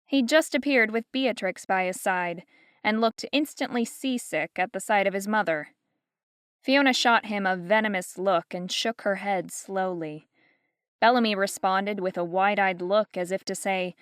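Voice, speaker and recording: A woman narrating an audiobook in an even, measured storytelling manner, close to a studio microphone. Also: medium pitch, smooth, no echo. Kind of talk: scripted narration. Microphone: close studio mic.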